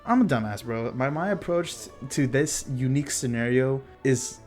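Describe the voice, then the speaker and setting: A young man from Texas tells a story in a loose, rambling way, swearing often and poking fun at himself. His voice sits at an ordinary middle pitch. Faint music plays underneath. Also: expressive, normal speed, darkish tone. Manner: rambling, profane, self-mocking. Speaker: vlogger. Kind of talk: casual storytime.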